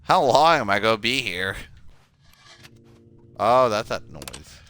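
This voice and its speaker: Slow, bright-toned male streamer. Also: lowish voice, very animated, a little hiss or hum. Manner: muttering to himself, drifting between mumbles and sudden outbursts, swears. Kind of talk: gameplay commentary.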